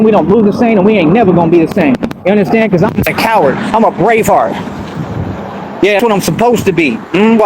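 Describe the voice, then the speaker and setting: A man ranting on a livestream, bragging in street slang and asking over and over whether you understand. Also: high-pitched. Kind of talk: boastful livestream rant. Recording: noisy livestream audio.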